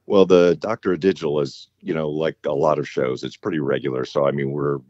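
A man's voice: very deep voice, fairly even intonation, fairly quick, darkish tone, no echo, highs cut off. A man speaking as a podcast guest in casual chat, easygoing and wry.

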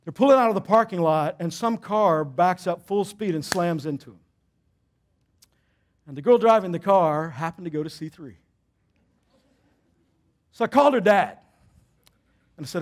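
A middle-aged man, a pastor, preaching a sermon with animated, emphatic storytelling and self-deprecating humor. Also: high-pitched, normal speed, pauses often.

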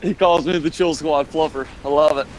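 A man's voice: fairly high pitch, fairly even intonation, fairly quick, a little hiss or hum, poor audio. A man joking playfully with friends on a gaming voice chat. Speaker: squad member.

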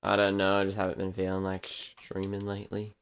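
A man's voice: sits low, completely flat delivery, a little fast, smooth. A man streaming a video game, chatting casually and teasing the characters on screen in a rambling way. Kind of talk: casual gameplay commentary.

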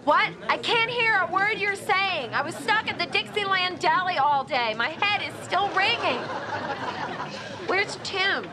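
A sardonic, animated woman. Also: a little high, a crowd in the background, background noise. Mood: shouting. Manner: sardonic, quick, exasperated. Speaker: assistant. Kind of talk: sitcom acting. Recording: laugh track and music behind.

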